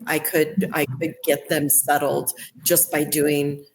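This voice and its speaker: Low-voiced woman telling a story. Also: level tone, takes it slowly, a little hiss or hum. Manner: recounts events with quoted dialogue and restarts. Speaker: neonatal nurse practitioner, podcast guest. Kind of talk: conversational interview storytelling.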